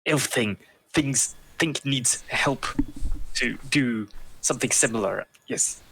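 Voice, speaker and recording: A man's voice: medium pitch, takes it slowly, gravelly, pushed and bright, a little hiss or hum, heavily acted, low-quality recording. A man voicing Fleabite, a small odd creature who talks in clipped, broken sentences. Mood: puzzled. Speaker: player.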